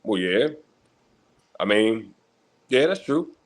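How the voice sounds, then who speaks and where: A man's voice: lowish voice, big pitch swings, takes it slowly. A man appearing as a guest on a podcast, talking in a laid-back, hesitant way. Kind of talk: casual chat.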